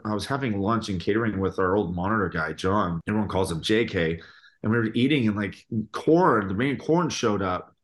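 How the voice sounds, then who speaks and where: A man, a guest musician on a podcast, telling stories in an animated, casual way, with lots of filler words. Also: fairly low pitch, moderate pace. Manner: animated storytelling, full of fillers.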